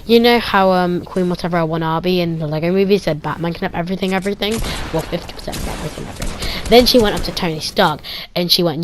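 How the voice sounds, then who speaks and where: A woman giving a casual spoken movie review, retelling scenes excitedly with pew-pew sound effects and drifting into quiet, rambling asides. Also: on the low side, fast talker, a little hiss or hum.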